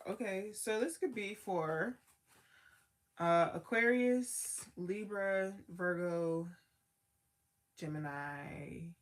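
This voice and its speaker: A woman's voice: mid-range voice, very slow, pauses often. A woman giving a casual tarot card reading as the reader, talking in a loose, slangy way full of "like" and trailing thoughts.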